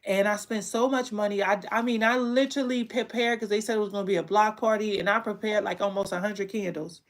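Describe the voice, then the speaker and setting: A woman's voice: medium pitch, steady tone, brisk. Woman, candle maker, candid, emotional, repetitive storytelling, to camera. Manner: emotional, candid, repeats herself. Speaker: candle maker and online teacher.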